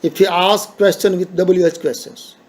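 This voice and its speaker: A man's voice: high voice, steady tone, normal speed. A man teaching a grammar lesson, patiently repeating each point in simple phrases.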